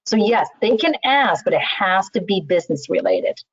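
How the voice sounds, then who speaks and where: Her voice is medium-pitched, sing-song and husky at a normal speed as this woman recruiter talks casually in a webinar about interview skills. She keeps saying "you know" and restarting sentences, heard through dry, slightly muffled video call audio.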